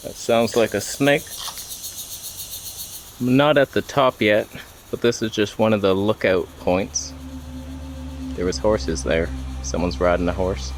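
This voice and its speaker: A man's voice: on the low side, steady tone, unhurried, long pauses, soft background music. A man casually vlogging outdoors on a hillside, joking to himself and to the animals around him. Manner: jokey, talks to himself and the animals. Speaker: travel vlogger. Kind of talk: casual vlog narration.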